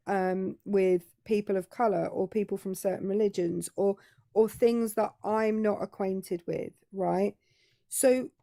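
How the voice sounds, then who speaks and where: A woman's voice: medium pitch, mellow. A British woman co-hosting a casual political live stream, speaking frankly and swearing freely. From Britain. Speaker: co-host.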